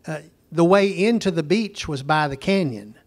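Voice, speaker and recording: A man teaching a Bible lesson as a home missionary, telling an anecdote in an animated way and acting out both sides of a conversation. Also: a little high, normal speed.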